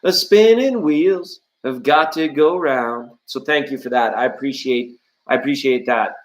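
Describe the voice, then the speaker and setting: Rambling, playful man in an echoey room. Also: unhurried. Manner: rambling, playful, jokey, shifting pitch and loudness. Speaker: tarot reader and livestream host. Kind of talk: live-stream chat, tarot reading.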